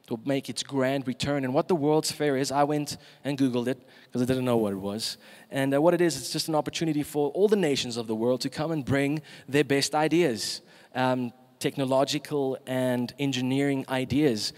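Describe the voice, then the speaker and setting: A man's voice: medium pitch, normal speed, a little mellow, big-room sound. A man preaching a sermon in a church, emphatic and asking the congregation questions.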